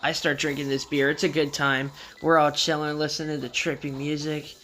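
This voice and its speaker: A man's voice: fairly high pitch, level tone, normal speed, bright, forceful tone, slight background noise. A young man casually telling a rambling story in a vlog, with loose slangy talk and frequent swearing.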